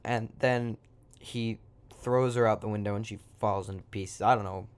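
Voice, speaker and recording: A man's voice: fairly low pitch, fairly even intonation, normal speed, clear, resonant tone. A man improvising a silly story in an offhand, joking way, breaking off into asides.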